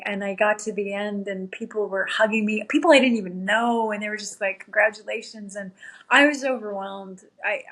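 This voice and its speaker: A woman's voice: medium pitch, a bit bright. A middle-aged woman telling a heartfelt story as a podcast guest, earnest and close to tears at times, quoting her own thoughts along the way. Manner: earnest, tearful at times, quotes herself. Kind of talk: emotional storytelling.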